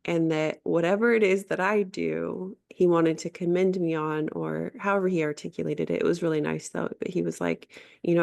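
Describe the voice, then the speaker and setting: A middle-aged woman, a life coach, telling a reflective personal story earnestly, often restarting and pausing. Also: low-pitched, flat delivery, creaky, a little mellow. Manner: earnest, with frequent restarts and pauses.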